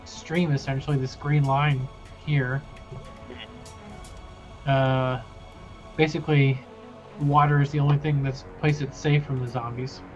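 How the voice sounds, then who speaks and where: A young man recapping a tabletop campaign as game master, loose and rambling with many pauses. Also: a little high, muffled recording.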